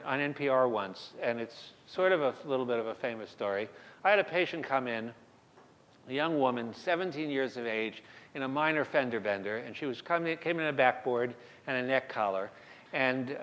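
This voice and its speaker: A man's voice: mid-range voice, expressive, moderate pace, fairly bright tone. A middle-aged man giving a conversational conference lecture, telling stories from his work and often restarting his sentences. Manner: conversational, self-deprecating, frequent restarts. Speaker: emergency medicine lecturer. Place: lecture hall. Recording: long reverb of a lecture hall.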